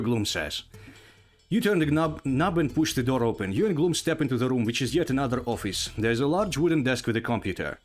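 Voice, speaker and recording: Man reading a text adventure, lively pitch. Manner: lively storytelling with asides. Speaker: player narrating a text adventure. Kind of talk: dramatic read-aloud of a text game.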